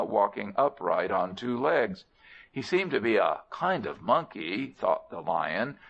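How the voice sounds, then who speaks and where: A man narrates a storybook in an expressive way. His voice is low with a gravelly texture and a lively, swinging pitch. The recording sounds dull and lo-fi. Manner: expressive, animated reading. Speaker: audiobook narrator.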